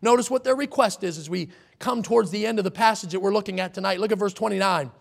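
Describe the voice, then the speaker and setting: A man preaching a sermon, reading scripture slowly and with emphasis, then applying it to his listeners. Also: sits high, creaky.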